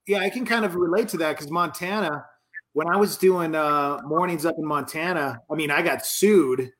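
A man hosting a casual podcast, easygoing and quick with short agreeing replies. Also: a little high, a bit bright. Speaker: podcast host.

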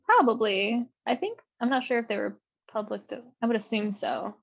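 A woman's voice: on the high side, moderate pace, creaky, breathy edge. A young woman co-hosting a podcast, telling a story in casual chat and laughing often. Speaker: podcast co-host. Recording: dull lo-fi mic.

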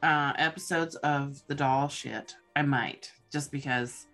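Young woman rambling excitedly, a bit low. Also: slow, soft background music. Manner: rambling, excitable storytelling with casual swearing. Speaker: podcast host. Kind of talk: casual chat.

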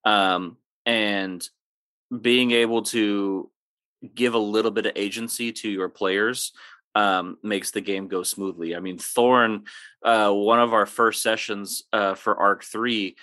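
A man speaks in a lowish, bright tone, dry and close to the mic. He rambles in a relaxed way, full of "uh"s and "you know"s, while he shares his tips as a game master. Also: slow pace, no echo. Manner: relaxed, rambling with many fillers. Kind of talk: casual podcast chat giving advice.

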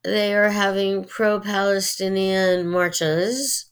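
A middle-aged woman with a Californian Valley accent, talking earnestly as an interview guest, with many pauses and fillers. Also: mid-range voice, fairly even intonation, clear, resonant tone. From United States. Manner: earnest, opinionated, halting with fillers. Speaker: guest, actress and writer. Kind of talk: interview conversation.

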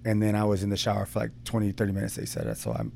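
A man's voice: lowish voice, very animated, very fast, gravelly, warm tone, slight background noise. Laid-back young man telling a story. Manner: rambling, laid-back, frequent swearing and fillers. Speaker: podcast co-host. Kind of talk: casual storytelling chat.

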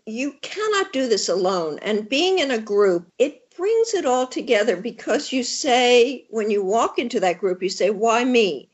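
An older widowed woman talking candidly with wry humor as an interview guest. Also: on the high side. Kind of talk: conversational interview. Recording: dull lo-fi audio.

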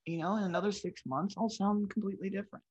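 Woman, breathy weak voice, husky, candid guest chat with restarts. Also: mid-range voice, fairly even intonation, fast talker, darkish tone, muffled recording. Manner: frank, talks in restarts and lists. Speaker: comedian guest. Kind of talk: casual interview chat.

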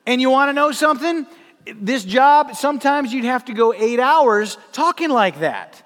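A male pastor preaching a sermon in an animated storytelling manner, with laughing asides. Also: very high-pitched, moderate pace, in a large hall.

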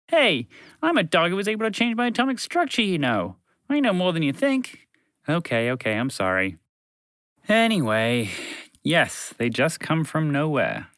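Guy reading a silly kids story, bouncy lively voice, fairly high, dry close mic. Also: moderate pace, no room sound. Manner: playful, teasing, answering interruptions. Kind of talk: children's storytelling narration.

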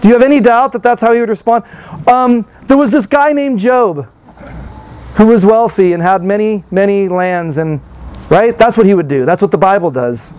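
Man, pastor, sermon, high voice, casual talk, rhetorical questions. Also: moderate pace, darkish tone, smooth. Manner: conversational, many rhetorical questions and fillers.

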